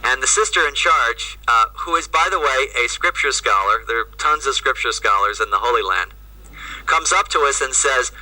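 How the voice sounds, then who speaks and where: A man, a Jesuit priest, telling a lively, humorous story in a conversational way with frequent asides. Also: medium pitch, normal speed. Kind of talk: anecdotal storytelling talk. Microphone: video call. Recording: distant, remote audio.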